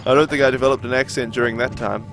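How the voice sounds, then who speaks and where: Young Kiwi streamer, New Zealand accent, mid-pitched and easygoing, chatting over loud game music. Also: male voice, very fast. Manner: relaxed, rambling, laughs often. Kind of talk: casual chat while playing, reading out chat.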